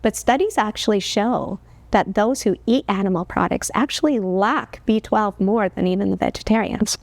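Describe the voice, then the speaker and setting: A woman's voice: mid-range voice, darkish tone, no echo. A woman health educator explaining digestion as a talk-show guest, in an earnest, explanatory way with rhetorical questions. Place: television studio.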